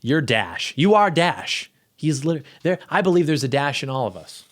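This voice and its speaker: This young adult YouTuber speaks at normal speed with a fairly bright, medium-pitched voice and big pitch swings. Chatting offhandedly to camera in his small home studio, he rambles and keeps breaking off mid-sentence.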